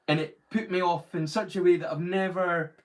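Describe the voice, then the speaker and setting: Brief: male streamer, casual and rambling, pitched fairly high, answers chat on the fly. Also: steady tone, moderate pace. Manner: chatty, rambling, reads chat aloud. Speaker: live-stream host.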